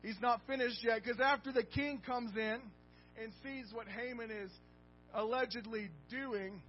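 A man's voice: extremely high pitch, fairly even intonation, a little slow, slight background noise. A man pastor preaching a sermon, emphatic and storytelling, calling out to his congregation. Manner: emphatic, storytelling with call-and-response. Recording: dull lo-fi recording with faint music.

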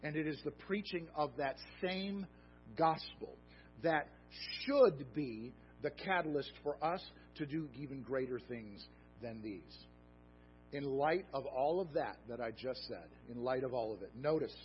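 Animated preacher man, lo-fi sound. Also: a little slow. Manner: animated, rising to emphatic peaks, then dropping low and soft. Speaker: pastor. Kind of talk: sermon. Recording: dull lo-fi sound with faint music.

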